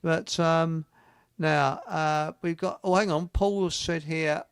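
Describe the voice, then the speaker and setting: A man's voice: a little high, fairly even intonation, takes it slowly, clear, resonant tone, no room sound. An older man hosting a casual radio chat, rambling and joking as he reads out listener comments. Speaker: host.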